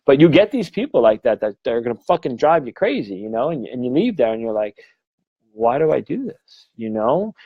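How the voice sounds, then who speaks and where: A man's voice: medium pitch, very animated, a little fast, few pauses, breathy edge, dry recording, narrow, tinny audio. Frank, rambling man with fillers. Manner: rambling, frank, swears freely, many fillers. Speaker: medium and mentor. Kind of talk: casual live-stream talk.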